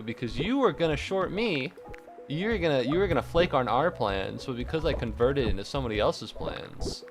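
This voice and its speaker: Swearing, sarcastic young-sounding man streaming. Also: medium pitch. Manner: sarcastic, swears a lot, mock-angry rants then quiet deadpan asides. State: tired, stressed. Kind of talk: casual live-stream chat.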